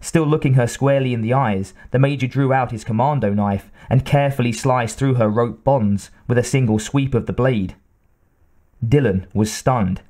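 A man reads an audiobook aloud in a steady, even tone. His voice sits at a middle pitch for a man. He carries the story without rushing. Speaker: audiobook narrator. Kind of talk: scripted narration.

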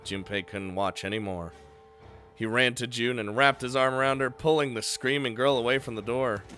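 A man's voice: mid-range voice, fairly even intonation, moderate pace, sharp tone, soft background music. A young man reading a video game's text aloud and adding casual, joking commentary, with occasional swearing. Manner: joking, swears, laughs between lines. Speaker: let's play player.

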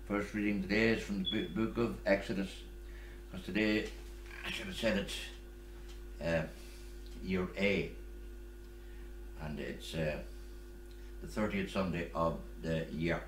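A man's voice: low voice, steady tone, measured pace, pauses often, slight background noise. A man celebrating Mass as a priest, speaking in loose, off-the-cuff asides full of fillers. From Ireland. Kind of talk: leading a Mass with sung hymn and spoken liturgy. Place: small oratory chapel. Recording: echoey room with instrument accompaniment.

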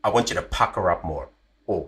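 On a podcast, a male linguist and language coach teaches pronunciation, demonstrating sounds quickly and animatedly in a fairly bright tone.

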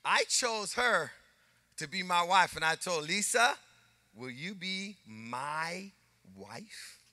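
Bright-voiced older man preaching a sermon. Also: a little high, no room sound. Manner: animated, preaching with rising intensity and call-and-response. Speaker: pastor. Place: church sanctuary.

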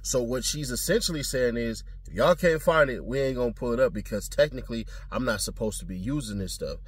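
A man's voice: mid-range voice, brisk, slightly rough. A man giving blunt, slangy, profane commentary in a casual talking style.

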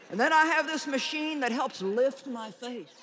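Bright, punchy woman preaching at a conference. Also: sits high, slight background noise. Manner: animated and joking, punching key lines loudly. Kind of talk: conference sermon. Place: large conference hall.

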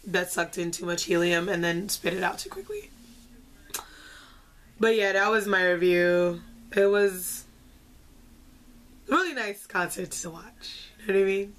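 A young woman vlogger giving an excitable, chatty concert review, full of "like". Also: lowish voice. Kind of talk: casual concert review vlog.

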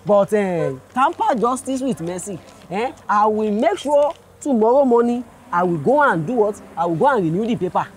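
A man's voice: high voice, sing-song, moderate pace, few pauses, husky, heavily acted. A man with a Nigerian accent playing a flustered older driver who stammers and pleads with a policeman in a comedy skit. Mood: pleading.

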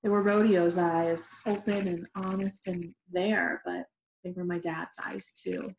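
A woman reading a novel aloud in a steady, gentle way, in an echoey room. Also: on the low side, measured pace, creaky, slight background noise. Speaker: reader. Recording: roomy echoey room recording.

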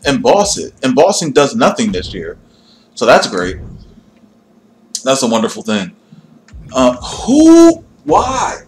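With a fairly high voice and slight background noise, a young gaming livestreamer chats casually with his viewers while building a game character. He talks to chat as he tinkers, reassuring himself and making jokes at his own expense.

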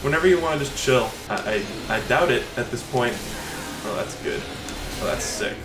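A sarcastic man streams a game and vents, swearing and shouting at a hard boss. His voice sits mid-range and bounces in a roomy space. Faint music plays under him. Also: medium pitch, lively intonation, moderate pace. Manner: frustrated, sarcastic and profane, yelling at the game. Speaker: gaming streamer. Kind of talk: live gameplay commentary.

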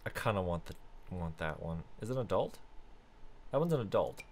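A man hosting a casual let's-play, chatting through his game and now and then bursting into excited high squeals. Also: a little fast, a little hiss or hum. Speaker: gaming video host.

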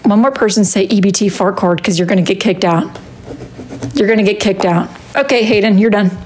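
A woman's voice: medium pitch, a little fast, a little mellow, slight background noise. A woman chatting casually on a live stream while she draws, scolding her chat and kicking people out. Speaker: wood-burning artist streaming live. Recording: music playing behind the voice.

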